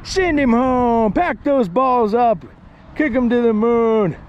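A man putting on a high, squealing voice as jeering online haters. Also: takes it slowly, dull audio, slight background noise. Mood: gloating.

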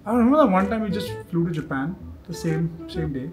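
A man's voice: fairly high pitch, animated. A man hosting a casual chat, joking and teasing his partner as he talks. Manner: joking and teasing, quick-talking. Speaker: host, musician. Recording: background music under the voice. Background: music.

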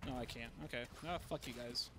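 A man's voice: medium pitch, fairly quick. A young man commentating a video game as he plays, swearing and grumbling in frustration. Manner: profane, exasperated outbursts and grumbling. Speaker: gaming channel host playing a game. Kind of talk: let's play commentary.

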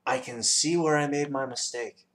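A man voicing a flustered, blustering male beetle in a storybook reading, grumbling and loud. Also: medium pitch, steady tone, moderate pace, lightly acted.

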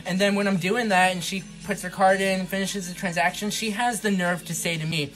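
A man's voice: high-pitched, steady tone, a little fast, hardly any pauses, fairly bright tone, soft background music. A young man casually telling a story about his retail job in an exasperated, incredulous way. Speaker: retail worker vlogger.

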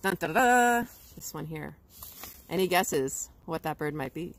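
A woman's voice: deep voice, animated, measured pace, a little hiss or hum, low-quality recording. A woman educator giving a playful livestream nature lesson to schoolchildren. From Canada. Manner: bubbly, playful, imitates bird calls.

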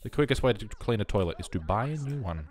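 An excitable man, rambling through casual gameplay commentary and bursting into shouts. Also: fairly low pitch, quick pace. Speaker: game streamer.

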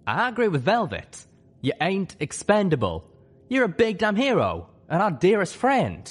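A man's voice: sits high, huge pitch swings, moderate pace, breathy edge, pitched above the performer's own voice, exaggerated voice. A man voicing a loyal male pegasus gunslinger with a put-on Southern US drawl and folksy manner. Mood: warm.

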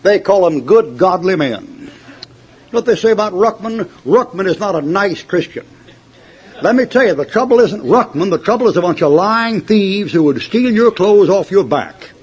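A high-voiced older man preaches to a congregation at normal speed, his intonation lively, his tone darkish with a breathy edge. The sermon is fiery and folksy, full of mockery for his opponents and laughter at his own jokey tales, all on a dull lo-fi tape.

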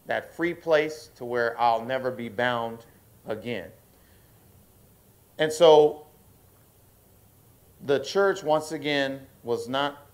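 A man preaching as a pastor at a church service, often asking the congregation to answer back and slowing down to stress key points. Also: medium pitch. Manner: call-and-response preaching, asks the congregation to affirm; slows down and rises in force for emphasis. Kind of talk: sermon.

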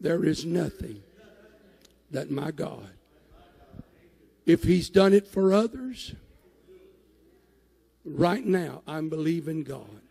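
A man preaching a sermon in a church, shouting at his peaks and dropping low in between. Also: animated, slow pace, creaky, pauses often, breathy edge, in a large hall. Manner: rising to shouted climaxes, then dropping low. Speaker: pastor. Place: church sanctuary.

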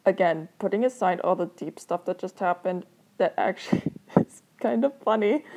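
A woman's voice: fairly low pitch, warm tone, low-quality recording. A woman reading a story aloud in a casual way, adding her own comments and singing the lyrics that appear in the text. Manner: reads dialogue in a light voice, sings the song lyrics.

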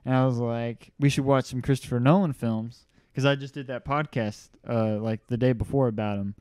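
Chatty young male host, clear voice. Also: mid-range voice, fairly even intonation, normal speed, darkish tone, dry recording. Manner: chatty, laughs often, jokey. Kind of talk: casual interview chat.

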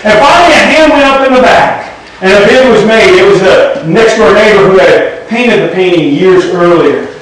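A man preaching a sermon as pastor, telling a story with emphatic rises and loud peaks. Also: high-pitched, expressive, moderate pace, noisy background. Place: church sanctuary. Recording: echoey church from far off.

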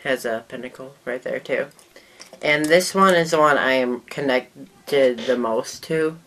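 A woman's voice: a bass voice, unhurried, a bit bright, slight background noise. A woman vlogger in a casual show-and-tell talk to the camera, chatty and rambling, often trailing off mid-sentence.

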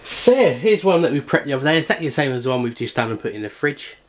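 A man's voice: mid-range voice, very animated, fast talker, a little hiss or hum. Chatty man hosting a home cooking vlog. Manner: chatty, filler-heavy, eating while talking. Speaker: cooking channel host.

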